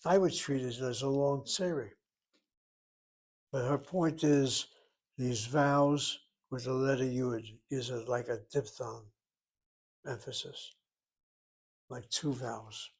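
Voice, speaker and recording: A man's voice: medium pitch, takes it slowly, long pauses, husky. A man teaching a Hebrew lesson, explaining grammar step by step and thinking aloud as he goes. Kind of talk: informal language lesson.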